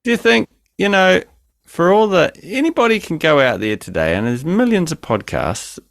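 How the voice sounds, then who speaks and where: A man's voice: on the high side, very animated, normal speed, gravelly, fairly bright tone, no echo. A man co-hosting a podcast over a remote call, ranting crudely and joking in casual banter. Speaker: podcast co-host.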